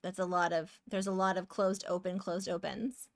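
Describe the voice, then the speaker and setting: A young woman from Canada chatting casually on a live stream while she draws, rambling and breaking into excited exclamations. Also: lowish voice, normal speed, dry recording, clean studio sound.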